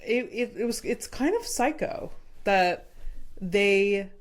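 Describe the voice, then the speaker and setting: Slow-talking giggly woman podcast host. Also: medium pitch. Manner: giggly, animated retelling of movie scenes. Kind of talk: casual chat.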